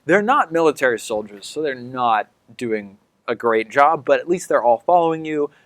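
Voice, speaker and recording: A man running a tabletop game, narrating the scene in a loose, chatty way full of fillers. His voice sits at a middle pitch and sounds dry and close, with little room around it. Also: expressive, moderate pace, dry recording. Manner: casual, filler-heavy narration. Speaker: dungeon master.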